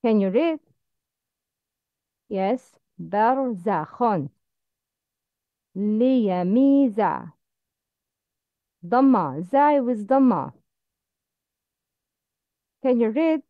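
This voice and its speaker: Slow, careful woman teacher. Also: a little high, animated, no echo, phone-quality sound. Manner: slow, careful drilling with repeated prompts. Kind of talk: Arabic letter pronunciation lesson.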